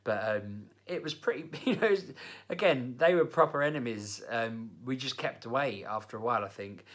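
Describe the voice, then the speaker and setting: A man's voice: medium pitch, a little fast. A young man casually telling rambling personal stories to camera, with lots of fillers. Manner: rambling, animated anecdotes with fillers. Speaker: vlogger.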